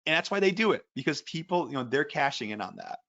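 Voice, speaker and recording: A man's voice: on the high side, very animated, quick pace, a bit bright, dull audio. A man giving a casual webinar presentation as an ethical hacker, rambling through anecdotes with lots of fillers.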